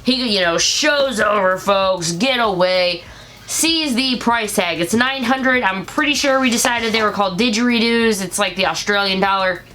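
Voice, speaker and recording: Chatty bright-voiced woman reviewer. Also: mid-range voice. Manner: chatty, jokey, acts out lines in quick voices. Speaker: show reviewer. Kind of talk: casual episode recap.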